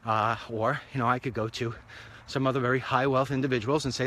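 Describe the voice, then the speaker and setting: Background noise surrounds a man who speaks fast and with few pauses in a medium-pitched voice. He's the host of his own online show, chatting in a loose, upbeat walk-and-talk as he moves along a street outside.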